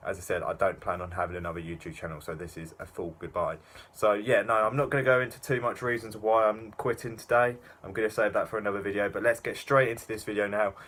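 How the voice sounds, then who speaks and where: A man's voice: on the low side, level tone, fast, a bit bright. A young man rambling through self-mocking reaction commentary, with lots of fillers. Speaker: YouTuber.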